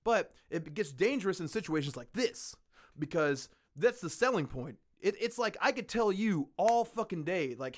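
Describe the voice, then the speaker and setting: A man hosting a podcast in casual chat, ranting with lots of swearing and animated storytelling. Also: high-pitched, brisk. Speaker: podcast host.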